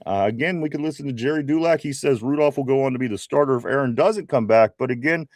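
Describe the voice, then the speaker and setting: A man's voice: medium pitch, fast, a little mellow, no room sound, clean studio sound. A man co-hosting a casual live sports show, reading viewer comments and laughing often. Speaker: co-host.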